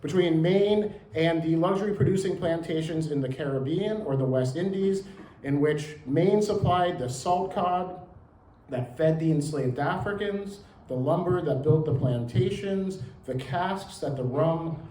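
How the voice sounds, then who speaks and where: A man gives a public talk to a live audience, chatty and quick to crack a joke. His voice sits a bit high but has a mellow tone. The room is echoey, with faint background ambience. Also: slight background noise. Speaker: museum director and historian giving a talk. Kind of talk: public lecture. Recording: roomy hall with faint ambience.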